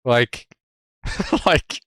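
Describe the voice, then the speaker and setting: A man's voice: extremely slow, bright, forceful tone, no room sound, studio quality. A man streaming live, chatting casually in a brash, profane, cocky way. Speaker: livestreamer.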